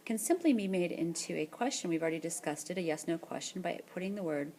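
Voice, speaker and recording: A woman teacher narrating a screencast lesson, explaining patiently and repeating French words slowly for practice. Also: on the low side, lively intonation, a little mellow, a little hiss or hum. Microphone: tablet or headset mic for screencast voice-over.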